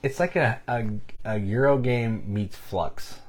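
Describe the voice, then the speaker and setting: A man's voice: medium pitch, takes it slowly, a little mellow. A man co-hosting a board game chat, explaining games plainly and teasing his co-host in a dry way. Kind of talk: casual chat.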